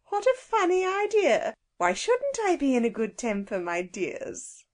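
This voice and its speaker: A woman reading a children's storybook aloud, voicing a sour middle-aged woman who turns jolly, shrill when cross and drawn-out when kind. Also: wildly swooping pitch, heavily acted. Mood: warm, jolly.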